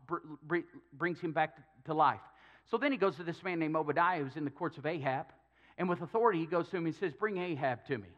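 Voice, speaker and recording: A man preaches in a church, retelling scripture with humor and playing out the characters' lines. His voice sits a little high. The recording is dull and lo-fi, with the top end muffled. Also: a bit bright. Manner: storytelling with humor, acting out quotes. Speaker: pastor. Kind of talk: sermon.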